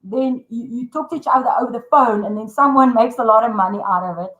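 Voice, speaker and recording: A woman's voice: a little high, fast talker, fairly bright tone, roomy sound, poor audio. A woman with an Afrikaans South African accent, a guest on a live video call, bubbly and teasing and slipping into Afrikaans. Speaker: guest, awards organiser. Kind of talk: playful live-stream chat.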